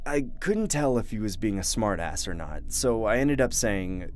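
A man narrating a first-person animated horror story in a dramatic, tense storytelling manner. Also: on the low side, moderate pace, hardly any pauses, faint music behind. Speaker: narrator and voice actor.

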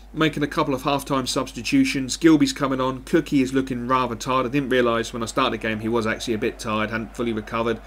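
A young man giving animated live commentary over a football video game, swinging between excitement and frustration and swearing often. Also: medium pitch, slight background noise. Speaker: gaming commentator.

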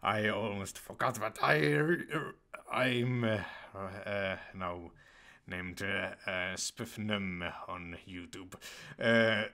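A man's voice: on the low side, bright, forceful tone. A young man giving casual, hesitant commentary while playing a game, full of fillers. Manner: hesitant, many fillers, slow. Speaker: let's play gamer.

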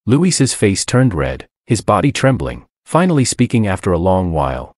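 A man's voice: low-pitched, sing-song, normal speed, few pauses, darkish tone, no echo, studio quality. A man narrating a first-person story, reading every character himself in a lightly shifted voice.

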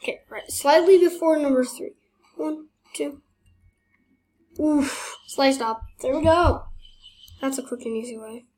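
A young woman hosting her gaming channel, giving casual gameplay commentary, excitable, exclaiming and laughing as she plays. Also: high voice, normal speed.

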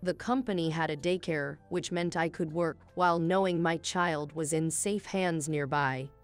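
A woman with a low voice narrates a scripted first-person story in a calm, measured way. Her delivery stays cool and even, with faint music playing behind her. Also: clean tone.

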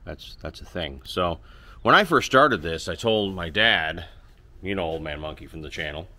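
A man's voice: low voice, expressive, moderate pace, pushed and bright. A middle-aged man hosting a motorcycle channel, telling a rambling, self-deprecating story in casual chat from his home garage.

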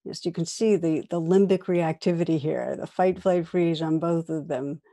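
Telling a story as part of a dharma talk, a woman meditation teacher keeps her lowish voice steady. The pace is gentle and measured, and now and then she drops to a whisper.

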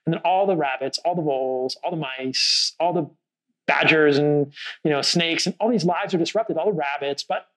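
A man with a fairly high voice hosts a relaxed podcast chat in person. He speaks earnestly and reflectively, winding through a story with plenty of "like" and "you know". His voice sits a touch above the usual male range. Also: normal speed, rough recording. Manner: earnest, thoughtful, storytelling with many fillers. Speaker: podcast host. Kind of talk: casual conversational podcast.

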